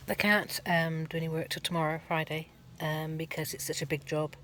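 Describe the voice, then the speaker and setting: Low, flat-voiced woman vlogging. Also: a little hiss or hum. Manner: rambling, chatty, with many ums and restarts. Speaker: van life vlogger. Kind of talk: casual vlog update. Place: van parked at a garage.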